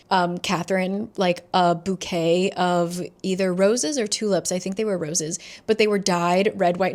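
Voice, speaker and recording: Chatty young woman book vlogger. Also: mid-range voice. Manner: chatty, many "like"s, acts out characters' lines. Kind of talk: casual chat retelling a thriller plot.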